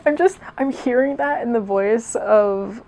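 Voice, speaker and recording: Sarcastic young woman with a gravelly voice. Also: a little high, a little slow, darkish tone. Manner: sarcastic, self-mocking, laughs at herself. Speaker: video creator. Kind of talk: comedic reading of her old fanfic.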